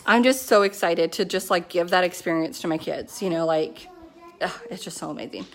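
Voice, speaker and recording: A woman at home, talking to her business team in a casual motivational pep talk, excited and chatty, filling her speech with "like" and "you know.". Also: fairly low pitch, brisk. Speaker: network marketing team leader. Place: at home with her kids nearby.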